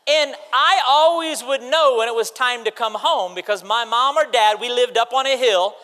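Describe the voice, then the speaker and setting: A man preaching an animated sermon to a church congregation, calling out to the crowd. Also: extremely high pitch, normal speed. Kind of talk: sermon with audience participation. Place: church sanctuary. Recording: hall reverb in a large church.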